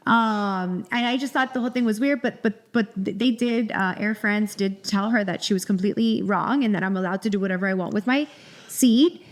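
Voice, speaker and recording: A middle-aged woman co-hosting a podcast, telling a story in a rambling, animated way with lots of restarts. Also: mid-range voice, fairly quick. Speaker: podcast co-host. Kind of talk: casual storytelling chat.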